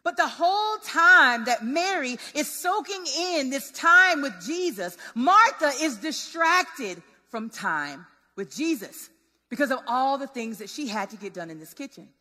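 Lively bright woman preacher. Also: sits high, a little slow. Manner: lively, conversational, relatable. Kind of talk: sermon. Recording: long hall reverb.

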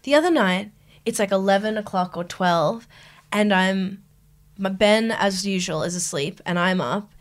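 A woman's voice: mid-range voice, unhurried. A young woman co-hosting a casual chat podcast, telling stories with lots of laughter and acted-out quotes. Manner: animated storyteller, laughs often, acts out quotes. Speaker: podcast co-host.

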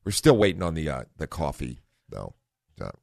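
A middle-aged man hosting a car talk radio show in a studio, relaxed and rambling, often correcting himself. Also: a bass voice, moderate pace, gravelly, dry recording. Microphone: studio microphone.

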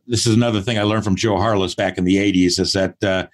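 A man's voice: deep voice, steady tone, quick pace. A man in his sixties, a guest on a podcast, who talks thoughtfully and often acts out remembered conversations. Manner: thoughtful, acts out quoted dialogue. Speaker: podcast guest, performance consultant. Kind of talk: casual interview talk.

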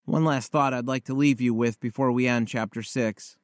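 A man preaching a sermon, telling a story in a measured, earnest way. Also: mid-range voice, fairly even intonation, dry recording, clean studio sound. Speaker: pastor.

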